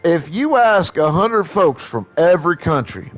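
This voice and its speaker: Casting: male streamer with a Southern American accent, unhurried and lively in pitch, blunt and rambling. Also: soft background music. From American Midwest. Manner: blunt, profane, rambling with restarts. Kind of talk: casual live-stream chat.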